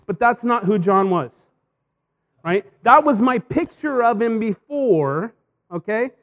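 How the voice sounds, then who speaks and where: High-voiced man preaching conversationally. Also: lively intonation, slow, a bit bright. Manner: conversational, anecdotal preaching with frequent "right?" asides. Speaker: pastor. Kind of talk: sermon.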